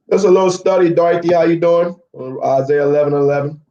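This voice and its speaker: A man's voice: on the high side, flat delivery, normal speed, warm tone, dull audio. A man giving a live Bible history lesson, walking through maps and word studies and checking in with listeners by asking "okay?" again and again. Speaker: Bible teacher.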